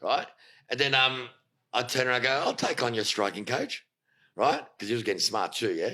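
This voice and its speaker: A man telling a story as a podcast guest, animated, swearing freely and acting out what others said. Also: mid-range voice, brisk. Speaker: guest, fight coach.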